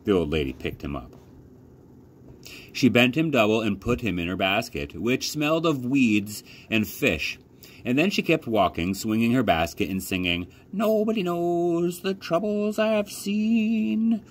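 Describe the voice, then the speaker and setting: Male children's read-aloud narrator, deep and animated, faint background hum. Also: normal speed. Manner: expressive storytelling with lively pitch. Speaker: library youth services coordinator.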